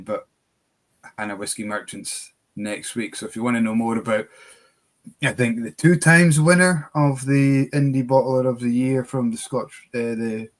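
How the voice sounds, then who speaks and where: A man co-hosting a casual whisky chat, rambling with hesitant restarts and dry humour. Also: medium pitch. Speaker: whisky shop co-host.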